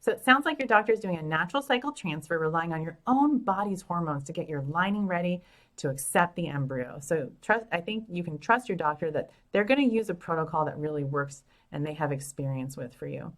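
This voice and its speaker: A woman's voice: fairly low pitch, expressive, a little fast, fairly bright tone. A woman fertility doctor hosting a casual live question-and-answer show, talking in a chatty, upbeat and frank way into a phone, now and then laughing at herself.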